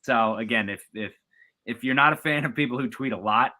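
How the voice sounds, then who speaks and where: Man, from US East Coast, podcast guest, casual chat, bright voice, rambling with fillers. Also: medium pitch, brisk. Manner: chatty, many fillers and restarts. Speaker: guest sportswriter.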